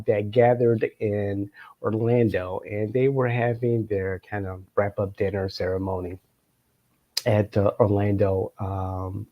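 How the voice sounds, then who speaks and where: A middle-aged man hosting a show, telling a personal story to the camera in a meandering way, with many filler sounds and chuckling asides. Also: fairly low pitch. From Florida, United States. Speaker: political consultant and show host. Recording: dull lo-fi sound.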